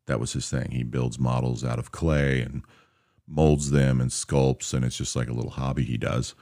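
A man with an extremely deep, low voice tells a story in a relaxed, matter-of-fact way. He sounds close and dry, with no room echo, and briefly acts out the people he quotes. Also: normal speed. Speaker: storyteller recounting army anecdotes. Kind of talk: casual spoken storytelling.

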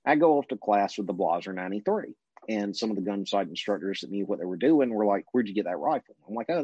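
A man telling a long casual story as an interview guest, in a relaxed anecdotal way, briefly mimicking the people he quotes. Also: deep voice, breathy edge, no room sound. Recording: dull lo-fi recording.

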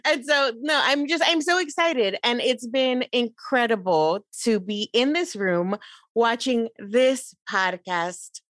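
A woman's voice: on the high side, takes it slowly, a bit bright, dry recording. Bubbly woman from LA guesting on a podcast, gushes a lot, slips into spanish, dry sound. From Los Angeles. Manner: effusive, bubbly, switches into Spanish. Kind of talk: casual interview chat.

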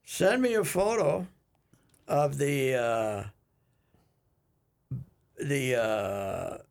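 A man's voice: medium pitch, lively intonation, drawn-out words. A man co-hosting a casual talk show, telling rambling stories with many halts and fillers. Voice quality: gravelly and husky. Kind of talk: casual chat.

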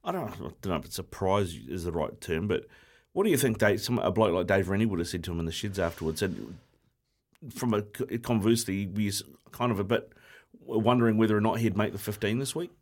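Man, fast talker, lowish voice, chatty sports host. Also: expressive. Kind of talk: casual sports chat.

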